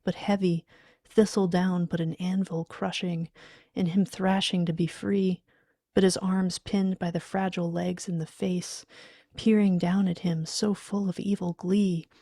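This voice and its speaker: A woman reading a horror story in a hushed, half-whispered voice. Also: lowish voice, gravelly, breathy edge, no echo, studio quality. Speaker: audiobook reader. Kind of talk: scripted horror narration.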